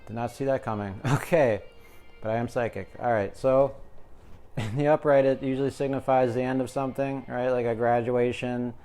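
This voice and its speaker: A man's voice: mid-range voice, steady tone, moderate pace, mellow. Chatty man reading tarot over music. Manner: jokey, chatty, talks to viewers as collective. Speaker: tarot reader.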